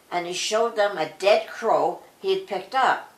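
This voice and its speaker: An older woman reading a bedtime story aloud, with an expressive storytelling manner. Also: medium pitch, a little slow. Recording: roomy echo.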